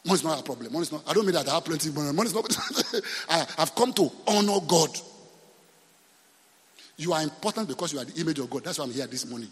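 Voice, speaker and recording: Nigerian pastor guy preaching, lively pitch, keeps asking am i right, reverb hall. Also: fast talker, husky. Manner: animated preaching with repeated questions to the congregation. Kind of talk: sermon.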